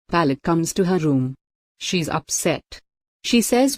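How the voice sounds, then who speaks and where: A woman narrating a recap of a TV serial episode in a plain, even read-aloud way. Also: low-pitched, measured pace, dry recording.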